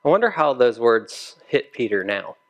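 A man's voice: mid-range voice, big pitch swings, normal speed, highs cut off. Conversational male preacher telling a story. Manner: conversational storytelling, acts out dialogue. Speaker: pastor. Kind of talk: sermon.

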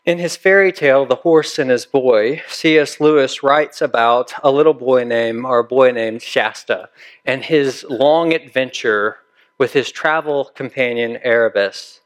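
A male pastor giving a sermon, telling a story with deliberate, dramatic pauses. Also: medium pitch.

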